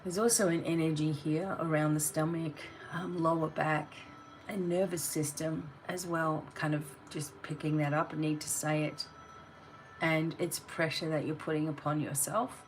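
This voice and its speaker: A woman's voice: sits low, level tone, normal speed, slight background noise, poor audio. A woman giving a tarot reading, talking straight to the viewer in a blunt, motivating way. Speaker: tarot reader.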